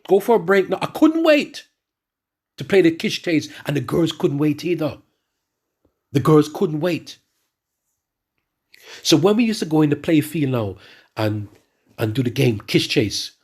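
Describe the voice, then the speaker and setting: A middle-aged man ranting in a monologue and reading scripture to the brethren, animated and repetitive, often stumbling over restarts. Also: on the high side, slightly rough. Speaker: religious speaker addressing the brethren.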